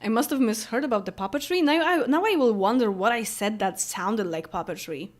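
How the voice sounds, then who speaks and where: A Polish YouTuber in her late twenties chats casually with viewers and answers their comments, rambling with plenty of fillers and easy laughter. She speaks with a Polish accent in a slightly high, briskly paced voice with lively intonation.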